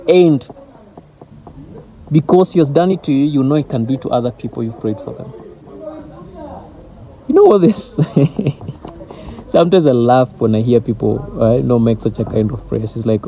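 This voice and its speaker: A man's voice: mid-range voice, warm tone, a little hiss or hum. A man giving an informal devotional talk as a Christian teacher, earnest and driving his points home through repetition.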